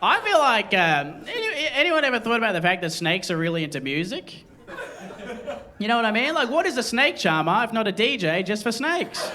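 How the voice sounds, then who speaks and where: Lively man doing stand-up. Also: very high voice. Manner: rambling, self-deprecating, lively delivery to a laughing crowd. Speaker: stand-up comedian. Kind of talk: stand-up comedy set. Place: comedy venue with a live audience. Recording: live show, audience laughter behind.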